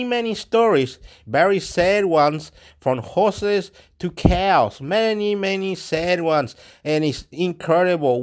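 A man from Chile, speaking English with a Chilean Spanish accent, talks to the camera in a rambling, repetitive, emphatic monologue and swears now and then. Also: a little high.

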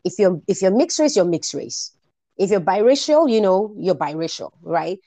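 A woman hosting a casual talk show, animated and quick to laugh, often repeating words as she gets going. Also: medium pitch. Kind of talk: casual chat.

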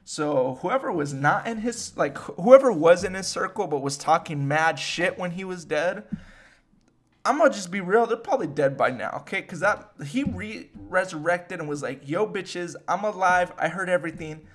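A man's voice: high voice, lively intonation, moderate pace. A young man hosting a podcast, rambling in casual, slangy chat full of swearing. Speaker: podcast host.

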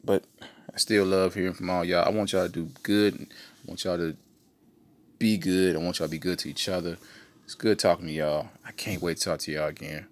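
A man's voice: low voice, brisk. A man hosting a podcast, telling funny stories casually and acting out the people in them. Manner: animated, acts out characters in his stories. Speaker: podcast host. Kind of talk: casual comic storytelling.

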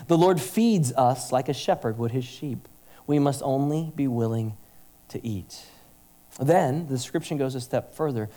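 A man's voice: a little high, mellow. A man preaching a sermon as pastor, earnest and emphatic, leaning on rhetorical questions.

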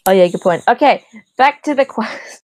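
A woman player in a tabletop game over an online call, joking quickly in casual chat. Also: fairly high pitch, lively intonation, a little mellow, a little hiss or hum. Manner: quick and jokey.

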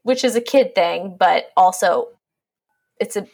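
A woman in a relaxed podcast chat, recapping a plot with irreverent asides and plenty of swearing. She speaks at an ordinary, middle pitch and keeps a loose, joking rhythm throughout. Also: unhurried, gravelly, husky. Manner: irreverent, swears freely, plot summary with jokes. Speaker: podcast co-host. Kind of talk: casual book discussion chat.

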